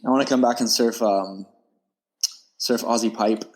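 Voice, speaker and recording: A man's voice: medium pitch, fairly even intonation, normal speed, in a large hall. A man, a podcast guest talking casually in a laid-back, rambling way. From United States. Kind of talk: casual interview chat.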